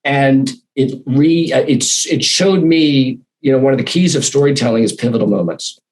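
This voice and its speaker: A man telling a personal anecdote in a lively, animated way, acting out the voices in his quotes. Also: medium pitch, normal speed, rough recording. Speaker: guest, storytelling consultant.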